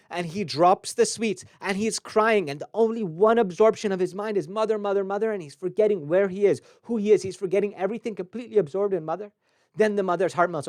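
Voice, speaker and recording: A man's voice: high voice, fairly quick, a little mellow, no echo, studio quality. A man teaching on a webcast, telling stories and acting out quoted voices in a devotional talk. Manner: storytelling, acts out quoted voices. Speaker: spiritual teacher. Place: recorded for a webcast.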